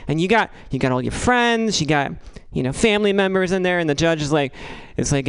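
A woman doing a stand-up comedy set, rambling and halting, with crude asides delivered deadpan. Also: deep voice, clear, resonant tone, rough recording.

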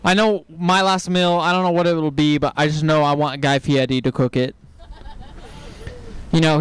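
A man from Texas doing a stand-up set in a slightly high voice. He delivers dry, deadpan one-liners and now and then breaks into abrupt shouts. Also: slight background noise. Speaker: stand-up comedian.

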